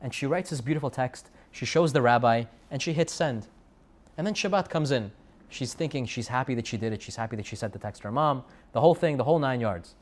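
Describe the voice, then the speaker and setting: A man's voice: mid-range voice, fast. Man preaching a storytelling sermon. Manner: storytelling with repeated phrases and Hebrew terms. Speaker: rabbi giving a Torah talk. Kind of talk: sermon to students.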